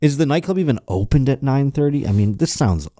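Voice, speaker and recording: A male podcast host riffing sardonically and profanely while reading news articles aloud, running low on energy. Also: expressive, a little fast, dark tone, dry recording, clean studio sound. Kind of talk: casual comedic podcast chat.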